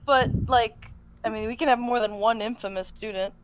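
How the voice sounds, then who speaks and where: A woman's voice: fairly high pitch, steady tone, normal speed, a little hiss or hum, low-quality recording. A woman player in a tabletop game podcast, tentative and hedging as she explains an idea. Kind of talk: casual tabletop chat.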